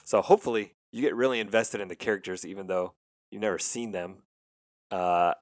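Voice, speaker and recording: A man, a film editor and director, telling stories in a relaxed interview with frequent ums. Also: on the low side, brisk, no echo, clean studio sound. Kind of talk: casual interview talk.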